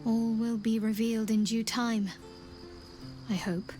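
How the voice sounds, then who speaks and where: An actress voicing a secretive young female cleric in a video game, speaking in a guarded, wry and measured way. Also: on the high side, little pitch movement, mellow, faint music behind, lightly acted.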